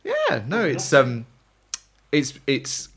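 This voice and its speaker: A man from England, a guest on a casual podcast, talking in a chatty, self-deprecating way and laughing easily. His voice is gravelly with a bright, forceful edge. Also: medium pitch, wildly swooping pitch, slow. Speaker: podcast guest, agency founder. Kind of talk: casual chat.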